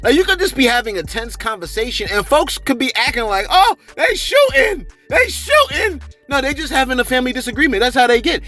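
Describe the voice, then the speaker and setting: A man's voice: lively intonation, quick pace, hardly any pauses, faint music behind. A man hosting a celebrity gossip show, talking loosely and jokingly to camera and acting out other people's voices. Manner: loud, joking, acts out voices with big swings in pitch. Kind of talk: animated commentary to camera.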